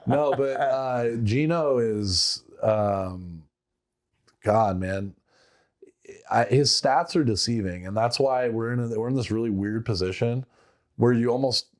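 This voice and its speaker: A young man co-hosting a podcast, talking sports in a loose, animated way and acting out players' outbursts. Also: medium pitch, a little slow. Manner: animated, mimics players with loud quoted outbursts. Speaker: podcast co-host. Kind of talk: casual sports chat.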